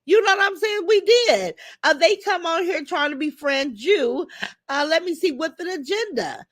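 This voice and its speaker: Fiery older woman with a high voice. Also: expressive, normal speed, no echo. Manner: blunt, heated, swears freely. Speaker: livestream host. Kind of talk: casual livestream talk reading chat comments.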